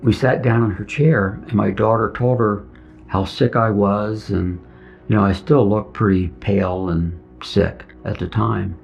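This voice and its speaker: A man's voice: lowish voice, steady tone, unhurried, gravelly. A middle-aged man, a veteran, earnestly recounting a personal testimony and acting out the dialogue. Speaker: veteran telling his story. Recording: dull lo-fi recording with soft music. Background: soft music.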